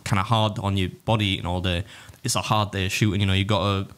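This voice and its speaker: Fast-talking English man, low voice. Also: fairly even intonation, a bit bright. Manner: rambling, self-interrupting storyteller. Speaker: podcast co-host and video creator. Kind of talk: casual podcast chat.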